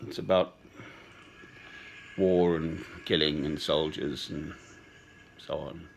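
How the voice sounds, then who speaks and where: A man in his sixties talking in a slow, sentimental, rambling personal monologue with chuckles. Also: extremely low pitch, steady tone, gravelly, slight background noise. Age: 60s. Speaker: speaker addressing a woman.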